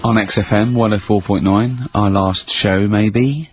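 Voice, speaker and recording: A man's voice: lowish voice, fairly even intonation, unhurried, husky, faint music behind. A man co-hosting a radio show, telling teasing stories in casual studio banter and laughing often. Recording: dull lo-fi radio recording.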